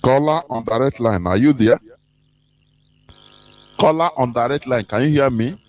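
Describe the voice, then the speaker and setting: A man hosting a radio call-in show, handling callers with brief, calm prompts. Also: mid-range voice, moderate pace, faint music behind. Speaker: radio host.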